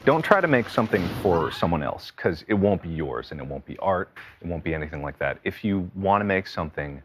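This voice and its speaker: A man in his thirties speaks with a deep, notably low voice. His answers come candidly and a little halting, full of fillers and restarts. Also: very animated, background noise. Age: 30s. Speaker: interview guest. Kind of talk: casual interview.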